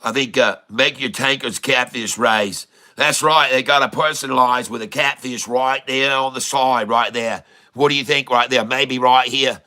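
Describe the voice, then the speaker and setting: A man's voice: mid-range voice, fairly even intonation, normal speed, bright, forceful tone. A middle-aged man hosting a casual livestream, cracking puns and laughing often. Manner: jokey and pun-loving, laughs often. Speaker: livestream host.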